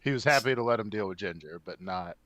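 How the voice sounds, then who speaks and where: A man's voice: fairly low pitch, expressive, quick pace, fairly bright tone. A man player describing his character in a blunt, cursing way. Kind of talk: casual tabletop game play.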